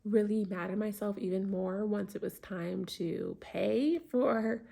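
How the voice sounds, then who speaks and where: A woman's voice: mid-range voice, measured pace, gravelly, dark tone. A young adult woman vlogger telling a casual storytime, chatty with lots of fillers. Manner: chatty, many fillers, embarrassed retelling.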